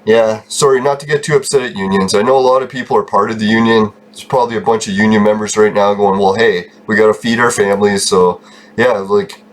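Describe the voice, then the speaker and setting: A man's voice: on the low side, fairly even intonation. A man, hosting a gaming channel and talking casually, swearing heavily and ranting. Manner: heavy swearing, ranting, quick laughs. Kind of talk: casual rambling commentary while gaming.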